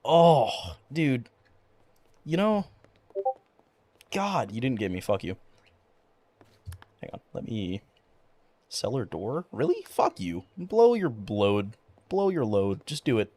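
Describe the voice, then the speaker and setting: A man's voice: medium pitch, wildly swooping pitch, slow pace, pauses often, dark tone, no echo. A young man streaming a game, chatting casually in a rambling way, with many fillers and frequent swearing. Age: young adult. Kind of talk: casual chat while gaming.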